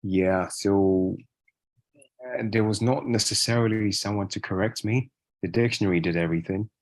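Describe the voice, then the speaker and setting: A man's voice: on the low side, normal speed, a little mellow, low-quality recording. A man answering interview questions about learning pronunciation, often repeating phrases and adding "yeah" and "right?". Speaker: guest. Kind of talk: casual interview.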